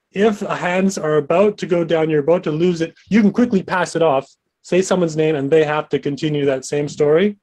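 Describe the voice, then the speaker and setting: A man's voice: fairly high pitch, darkish tone. Playful man telling a spooky story. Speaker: improv player. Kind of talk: explaining a game, then telling a spooky story.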